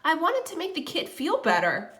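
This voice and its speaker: A woman's voice: high voice, huge pitch swings, normal speed, bright, forceful tone, voice pushed up, heavily acted. A woman reading aloud and voicing a small, bossy and loyal male stray dog. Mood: earnest.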